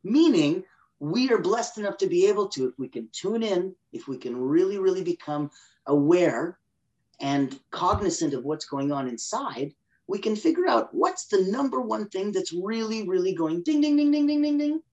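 Man on a podcast, explains stuff animated, does little voices for the inner thoughts. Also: high voice, moderate pace, lo-fi sound. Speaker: guest expert. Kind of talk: casual podcast interview.

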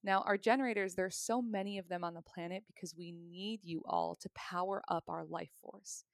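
Woman, thirties, gravelly voice, chatty explainer, dry close sound. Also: lowish voice, steady tone, brisk, dry recording. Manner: chatty and explanatory, laughs often. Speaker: podcast guest, human design reader. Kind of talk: casual podcast conversation.

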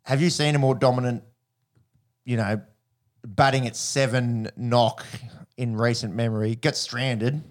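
Australian bloke, mid-pitched, blunt, slangy sports co-host. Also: male voice, fairly even intonation, measured pace. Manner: chatty, blunt, lots of slang and fillers. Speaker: podcast co-host. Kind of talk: casual sports chat.

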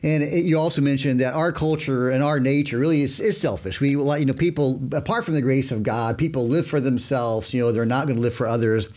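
A man's voice: medium pitch, brisk, few pauses, a little mellow. A man discussing Scripture with a pastor. He talks emphatically, illustrates with everyday examples and repeats words as he goes. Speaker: co-host. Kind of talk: conversational Bible discussion.

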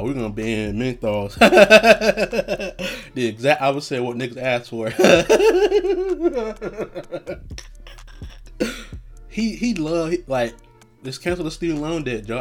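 Laid-back, profane young man chatting. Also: medium pitch. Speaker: podcast host. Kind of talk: casual solo chat.

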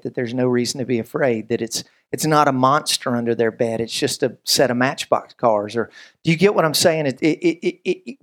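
A man preaching a sermon as pastor, conversational, with stammered restarts, acting out little voices and quotes. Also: fairly high pitch. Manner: lively, acts out voices and quotes.

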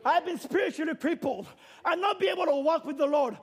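A man preaching a sermon in a church, moving from quiet storytelling to loud, repeated calls to the congregation. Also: extremely high pitch, fairly quick. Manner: builds from quiet storytelling to shouted, repetitive exhortation.

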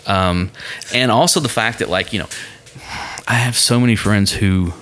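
Very deep-voiced man rambling on a podcast. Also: normal speed, a bit bright. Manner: rambling, many fillers and restarts. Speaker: podcast guest. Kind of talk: casual podcast chat.

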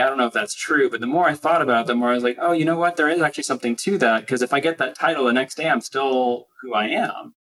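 A man's voice: medium pitch, pushed and bright, rough recording. A man guest in an interview, telling reflective stories about his career, with frequent restarts. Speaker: guest, finance executive. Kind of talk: podcast interview.

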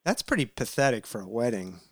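A man's voice: medium pitch, big pitch swings, brisk, a bit bright, dry recording. A male podcast host chatting casually with friends. He jokes at his own expense and runs down a list in between. The sound is dry and close. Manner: jokey, self-deprecating. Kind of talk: casual chat.

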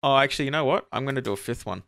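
A man's voice: medium pitch, racing, vocal fry, pushed and bright, no room sound, studio quality. A man co-hosting a podcast while sick with a sore throat, joking and rambling with lots of restarts. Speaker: podcast co-host. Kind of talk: casual chat.

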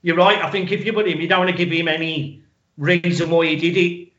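A man's voice: a little high, fairly even intonation, brisk, a bit bright. A man co-hosting a casual film chat, enthusiastic and agreeable, ending points with tag questions. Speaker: podcast co-host. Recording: roomy echo, dull lo-fi sound.

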